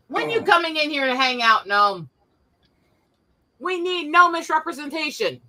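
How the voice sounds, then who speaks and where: A woman's voice: high-pitched, sharp tone. A woman in her forties, co-hosting a livestream, telling a story in casual chat, laughing often and swearing freely. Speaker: podcast co-host.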